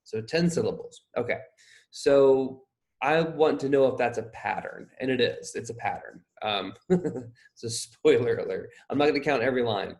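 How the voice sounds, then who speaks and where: A man, possibly a young adult, teaches a poetry lesson in a relaxed, unscripted way, talking through ideas as he goes. He circles back, restarts sentences and fills pauses, at an ordinary middle pitch. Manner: loose, thinking aloud, many fillers and restarts. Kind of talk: recorded poetry lecture.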